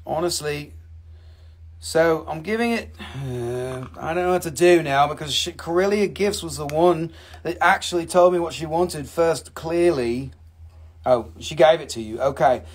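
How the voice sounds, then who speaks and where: A man's voice: on the high side, moderate pace, husky. A man hosting a casual live sale, rambling and joking, swearing freely as he shows his pieces. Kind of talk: casual live sales stream.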